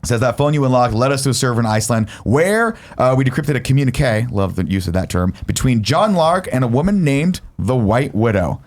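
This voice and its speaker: A man's voice: medium pitch, a little fast, hardly any pauses. Man recapping a movie in casual chat. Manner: animated recapping with quoted lines, swearing. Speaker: podcast host.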